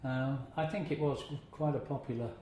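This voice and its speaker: An older man recounts his acting days in a warm, medium-pitched voice at normal speed, his intonation fairly even. Being interviewed, he shares chatty anecdotes, chuckles and sometimes imitates others. The room is very echoey and there's faint hiss.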